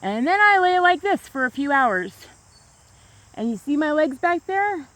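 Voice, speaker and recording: A woman's voice: high-pitched, very animated, a little slow, fairly bright tone. A woman talking to a small camera outdoors on a grassy hill, in a rambling casual monologue full of "like" and restarts. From United States. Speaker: vlogger.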